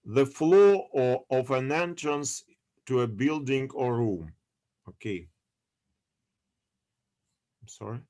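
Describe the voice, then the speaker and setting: This lecturer, a man with a darkish tone and a mid-level pitch, runs his online university class slowly over video. His delivery is halting and full of fillers as he gropes for English words, and he repeatedly asks whether students are keeping up.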